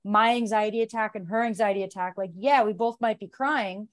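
A woman's voice: medium pitch, fairly even intonation, a little fast. A woman from the United States, a jiu-jitsu athlete on a podcast, talking earnestly in long, run-on thoughts. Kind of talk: casual conversation.

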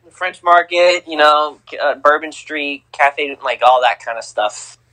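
A young man co-hosting a casual sports podcast, excitable and repeating words for emphasis. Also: on the high side, a little slow, poor audio. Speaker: podcast co-host.

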